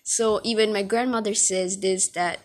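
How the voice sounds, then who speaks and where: A woman's voice: medium pitch, steady tone, normal speed. A woman hosting a casual solo podcast from home, talking in a hesitant way and often tripping over her words. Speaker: podcast host.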